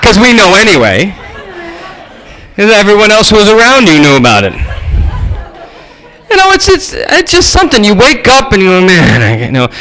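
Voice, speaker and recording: Lecturer guy telling funny stories to a room, really animated, voice jumps around a lot, swears casually. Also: sits high, moderate pace, pauses often, low-quality recording. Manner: addresses the audience directly. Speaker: workshop lecturer. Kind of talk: humorous teaching anecdotes.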